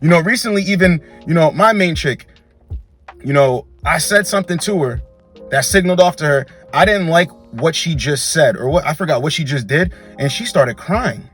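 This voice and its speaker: A man's voice: on the high side, expressive, moderate pace, fairly bright tone, soft background music. A man giving dating advice in an emphatic, repetitive, slangy monologue.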